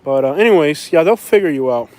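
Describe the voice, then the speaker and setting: A man's voice: on the high side, lively intonation, fast talker, a little mellow. A man from Florida with a Florida accent, chatting casually and rambling through a night-walk live stream outdoors, laughing often. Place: outdoors at night in a small town.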